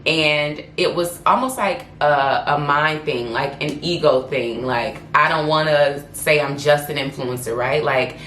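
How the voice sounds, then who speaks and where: A woman's voice: low-pitched, unhurried, hardly any pauses, a bit bright, slight background noise. A woman, telling a candid and emotional personal story in a vlog and often restarting her sentences. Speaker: lifestyle blogger and influencer. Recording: echoey room with faint ambience.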